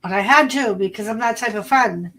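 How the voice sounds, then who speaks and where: A woman's voice: fairly high pitch, fairly bright tone, low-quality recording. A woman hosting a casual livestream chat from her room at home, telling stories in a loose, profane way. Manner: unhurried, profane storytelling.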